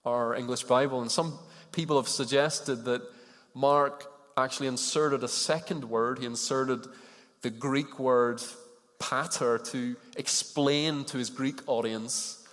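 A man's voice: medium pitch, fairly even intonation, a little slow, a bit bright. Man preaching in a reverberant hall. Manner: conversational, asks the congregation questions. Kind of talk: sermon. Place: church hall with congregation. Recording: long reverb of a large hall.

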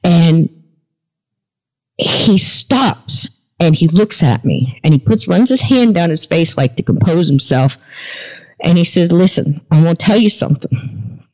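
A woman's voice: lowish voice, lively intonation, slow pace, pauses often, darkish tone. A woman guest on a podcast, telling a story in a casual interview and acting out the dialogue as she goes. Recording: dull lo-fi recording.

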